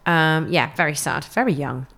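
A woman's voice: sits low, normal speed, fairly bright tone. A woman co-hosting a podcast in casual chat, wry and playful, often giggling. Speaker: podcast co-host.

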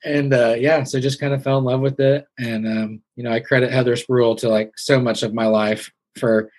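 Husky man telling a lively story. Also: medium pitch, normal speed. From Southwest Missouri. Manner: chatty, animated retelling with quoted voices. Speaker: podcast host, interviewed as guest. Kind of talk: casual interview storytelling.

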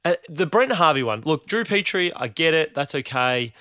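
A man with an Australian accent, a guest on a sports podcast, talking about his club in a wry, self-deprecating way full of quick asides. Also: on the high side, expressive, sharp tone, no echo, clean studio sound. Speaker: guest supporter. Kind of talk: casual sports chat.

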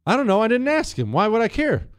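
Sarcastic talk show host, lively voice. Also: male voice, high voice, fast, smooth, no echo. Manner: sarcastic, exasperated ranting. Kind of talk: casual monologue.

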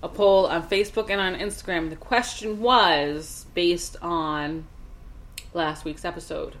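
A woman, co-hosting a podcast in casual chat and telling animated stories. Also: on the low side, unhurried. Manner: animated storytelling, laughing, quoting her daughter. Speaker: podcast co-host.

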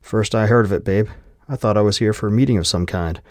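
A man's voice: fairly low pitch, fast talker, darkish tone, dry recording, studio quality, lightly acted. A man voicing a wary, exasperated pilot and father, blunt in his speech.

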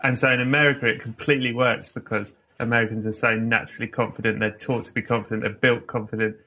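Animated male podcast host. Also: medium pitch, fast. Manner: animated, storytelling, chuckling. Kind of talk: casual interview chat. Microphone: video call.

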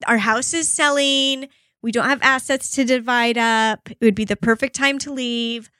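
A woman co-hosting a podcast in casual chat, talkative and quick to laugh. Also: fairly high pitch, steady tone, pushed and bright, smooth, no room sound, studio quality. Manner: chatty, laughs often. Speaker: podcast co-host.

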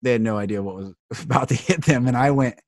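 Male podcast host, earnest and impassioned, mid-range pitch, dry recording. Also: fast talker, no room sound. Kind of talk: heartfelt podcast conversation.

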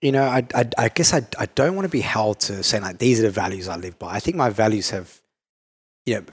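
A man's voice: on the low side, lively intonation, a little fast, breathy edge. An Australian man from Perth, a business owner, talking reflectively in an interview with many fillers and restarts.

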